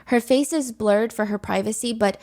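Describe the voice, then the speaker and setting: A woman's voice: on the high side, moderate pace, darkish tone. A woman hosting a reaction commentary show, speaking in an indignant, sarcastic, conversational way. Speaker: commentary host.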